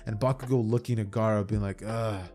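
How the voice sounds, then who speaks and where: Over soft background music, a man with a fairly low, slightly mellow voice talks at normal speed while retelling a fan-made anime story at home. It's a casual YouTube narration, loose and filler-heavy, with "as from here" recurring often.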